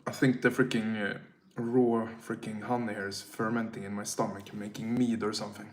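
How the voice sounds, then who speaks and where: A man's voice: fairly low pitch, little pitch movement, moderate pace, echoey room. A tipsy man from Sweden with a Swedish accent, chatting casually on a livestream and reading out chat in a rambling, slangy, self-mocking way.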